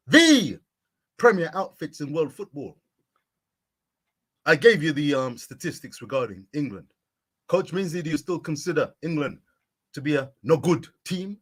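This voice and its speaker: A man's voice: on the high side, very animated, measured pace, pauses often, fairly bright tone, slightly rough. A man hosting a sports live stream, reading out viewers' comments and answering them by name, repeating his catchphrases in a preachy way. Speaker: sports vlogger.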